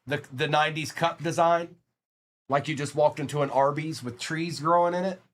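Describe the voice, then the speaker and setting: A man's voice: a little high, moderate pace. A man from Virginia hosting a live card break stream, rattling off player names and chatting with viewers between pulls.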